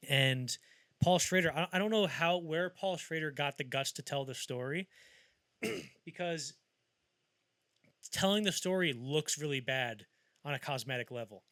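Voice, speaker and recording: A man's voice: a little high, lively intonation, measured pace, long pauses, a bit bright, no echo. A man hosting a podcast, chatting casually about film history and acting out anecdotes as he rambles along. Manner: rambling storyteller who acts out quotes. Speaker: podcast host.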